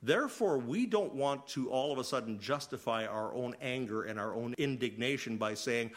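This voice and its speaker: A man preaching a sermon as pastor, swinging between loud emphasis and quiet asides. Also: mid-range voice, animated, moderate pace, hardly any pauses.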